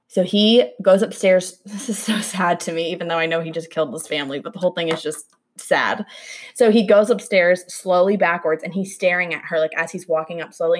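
A woman's voice: on the low side, brisk. A young woman hosting a podcast, telling a true crime story in casual chat, acting out the quoted lines and saying "like" a lot. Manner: animated, acts out quoted lines, lots of "like".

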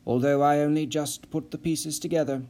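A seasoned, shrewd spy who picks his words with dry, pointed care, as a male narrator plays him. His voice is dark and mellow, at the narrator's own everyday pitch. He sounds steady and probing. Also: normal speed, lightly acted. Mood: grave.

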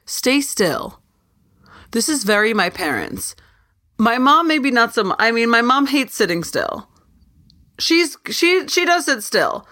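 Animated young woman ranting on her podcast. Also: fairly high pitch, measured pace. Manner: animated, ranting, self-interrupting with laughs. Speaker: podcast host. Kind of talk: casual solo podcast rant.

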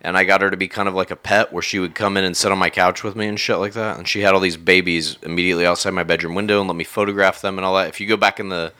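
Deep-voiced man, offhand and slow. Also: fairly even intonation, sharp tone, dry recording. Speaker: co-host. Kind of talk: casual chat.

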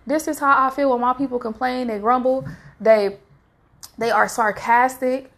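A woman with a fairly high voice gives a casual devotional talk to her viewers. She speaks earnestly and urges them on the way a preacher would. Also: steady tone, moderate pace. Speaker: faith vlogger sharing a devotional message.

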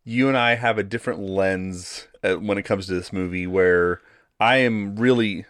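A man with a very low voice talks through a film in a casual review chat. He is relaxed and often restarts his words. The sound is dry and close. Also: normal speed, dry recording. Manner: relaxed, repeats words while thinking. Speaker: podcast co-host.

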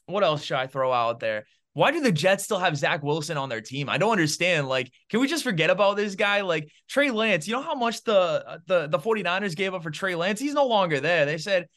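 A man co-hosting a sports podcast, giving opinionated football takes in casual chat full of fillers. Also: a little high. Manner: animated, opinionated, heavy on fillers like "bro" and "man". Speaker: podcast co-host.

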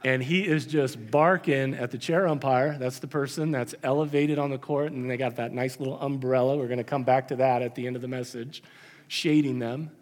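A man's voice: mid-range voice, fairly even intonation, brisk. A man preaching a sermon as pastor, conversational with emphatic repetition. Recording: long hall reverb.

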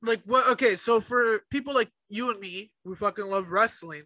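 Male co-host, high bright voice, dry close sound, animated cursing rants. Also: moderate pace, no echo, rough recording. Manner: animated ranting, heavy swearing. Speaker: podcast co-host. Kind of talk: casual chat.

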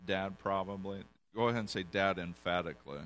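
A man delivers a relaxed, joking sermon to his congregation, his voice sitting low yet carrying a bright, forceful edge. He often breaks off and restarts sentences as he talks, keeping the tone conversational rather than formal. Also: fairly quick, smooth. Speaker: pastor. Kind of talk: casual sermon with audience volunteers. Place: church in front of a congregation.

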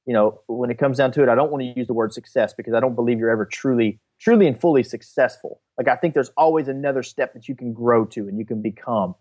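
A man's voice: medium pitch, quick pace, hardly any pauses, a little mellow. A man co-hosting a podcast, speaking in an earnest, reflective way in casual chat. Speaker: podcast co-host.

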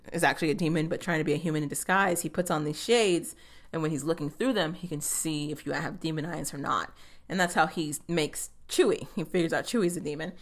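A young woman recaps a TV episode in a casual, chatty way. Her pitch swings all over the place as she talks. She swears freely and keeps popping into quick voices for the characters.

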